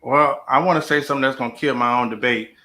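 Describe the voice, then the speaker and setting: A man hosting a podcast panel, giving his view in measured terms and handing the floor to others. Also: mid-range voice, steady tone, sharp tone. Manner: measured, directs the discussion. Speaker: podcast host. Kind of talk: panel discussion moderating.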